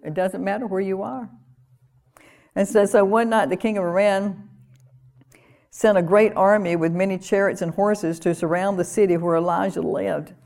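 A woman's voice: mid-range voice, fairly even intonation, normal speed, creaky, darkish tone. A woman delivers a sermon in an earnest, conversational style. She talks to the congregation directly and repeats key phrases for emphasis. Her voice sits in a middle register. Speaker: preacher.

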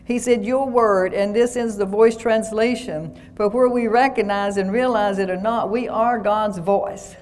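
A woman's voice: mid-range voice, steady tone, measured pace, hardly any pauses, darkish tone. A woman pastor preaching a sermon, reading scripture aloud and breaking each quote with "he says".

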